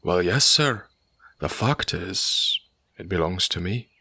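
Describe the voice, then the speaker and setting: A man voicing a soft, deferential middle-aged landlord who talks in a timid, apologetic way. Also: low-pitched, expressive, a little slow, vocal fry, exaggerated voice. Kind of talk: audiobook character voice.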